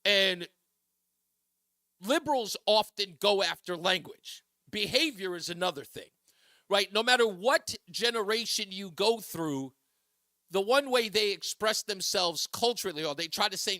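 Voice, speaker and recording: A man hosts a talk radio show, riffing on the news and taking calls with animated, mocking energy. His voice sits high and sounds bright and forceful. The studio sound is close and dry. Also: no echo.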